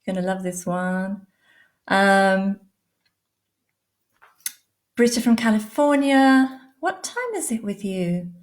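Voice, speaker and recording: A woman's voice: medium pitch, lively intonation. An English woman hosting a live stream, greeting viewers by name with effusive endearments and frequent ums. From England. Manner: warm, effusive, calls viewers darling and lovely; many fillers, unhurried. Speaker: livestream host, animal communicator. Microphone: laptop mic on a live stream.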